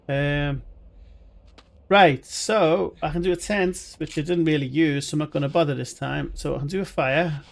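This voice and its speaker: A man's voice: a little high, a little slow, vocal fry. A man live-streaming a video game, rambling chattily and talking to his chat viewers. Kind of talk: live gaming stream commentary.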